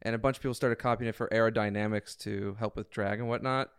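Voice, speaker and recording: A man's voice: fairly low pitch, fairly even intonation, fast, a bit bright, clear, resonant tone, no echo, studio quality. A man co-hosting a casual podcast, reading listener comments aloud. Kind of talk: casual chat.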